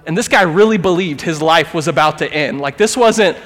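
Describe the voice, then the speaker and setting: Male pastor, thirties, earnest sermon, casual storytelling, slightly raised pitch, long hall reverb. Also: expressive, brisk, few pauses, fairly bright tone. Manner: earnest, conversational, acts out quoted voices. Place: church sanctuary.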